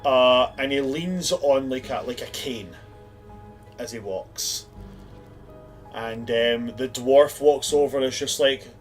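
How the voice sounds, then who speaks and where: A man's voice: mid-range voice, slow, faint music behind. Casual man running a tabletop game. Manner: casual, rambling narration with many fillers. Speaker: game master.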